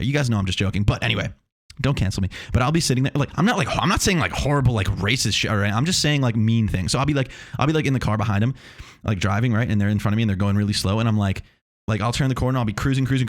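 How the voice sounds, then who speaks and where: A man's voice: fairly low pitch, no echo. Young guy rambling on his podcast, swears a lot, keeps restarting, dead dry room. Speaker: podcast host. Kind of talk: casual solo podcast monologue. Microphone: lav or shotgun mic in a foam-treated room.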